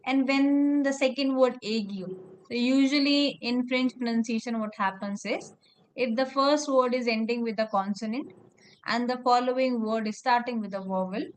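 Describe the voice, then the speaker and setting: Higher-voiced woman tutoring French. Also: normal speed, low-quality recording. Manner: patient, explains step by step. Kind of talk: one-on-one language lesson.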